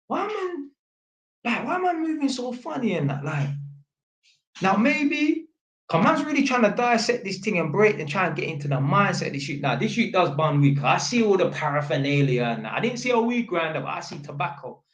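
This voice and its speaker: A man's voice: sits high, a little fast. Slangy young man in an echoey room. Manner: animated, slangy, acts out phone calls in quoted voices. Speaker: vlogger. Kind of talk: casual storytelling to camera. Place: at home, sitting at a small table.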